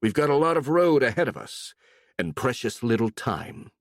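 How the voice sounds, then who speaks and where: Brief: storybook nobleman, polite and apologetic, read by a man, lively intonation. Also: mid-range voice, moderate pace, no room sound, studio quality, voice pushed up, natural voice. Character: diplomatic nobleman, polite and brisk.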